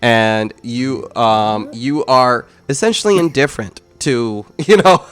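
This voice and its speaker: A man narrating as game master of a tabletop game, with unhurried pauses and fillers. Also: medium pitch, smooth, faint music behind.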